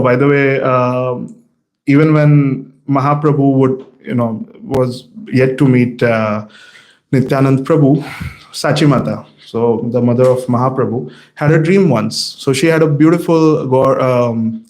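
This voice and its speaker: A man's voice: medium pitch, slow pace. Man telling scripture stories. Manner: animated storytelling, many fillers. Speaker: class speaker. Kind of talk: scripture class talk. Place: temple hall.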